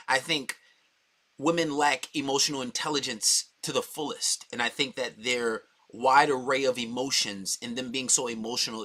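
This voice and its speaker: A man's voice: medium pitch, pushed and bright. A man talking as a dating coach, giving a blunt, profane, heated opinion monologue.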